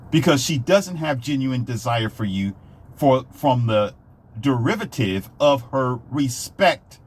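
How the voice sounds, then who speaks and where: A man's voice: on the high side, slightly rough. A man delivering a blunt, emphatic monologue of relationship advice, hammering the same points again and again. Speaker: self-published author giving dating advice. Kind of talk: ranting monologue.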